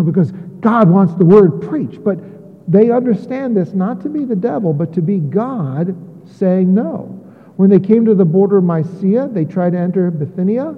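A high-pitched man preaches in a relaxed, conversational manner and drops wry jokes between points. His voice comes through thin and phone-like, with a long reverb trailing off the walls of a big hall. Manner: conversational with joking asides. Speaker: pastor. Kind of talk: sermon.

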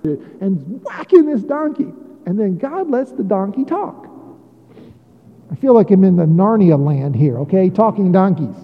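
A man's voice: sits high, sing-song, a little slow. A man preaching a sermon in a chatty way, mixing scripture with joking asides. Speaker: pastor. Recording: tinny phone-like audio with long hall reverb.

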